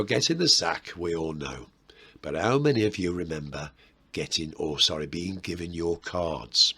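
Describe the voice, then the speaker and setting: A man's voice: low voice, a bit bright, slightly rough. A man with a Birmingham accent, hosting a history video and explaining old sayings in a chatty, rambling way with self-mocking asides. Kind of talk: casual history explainer to camera.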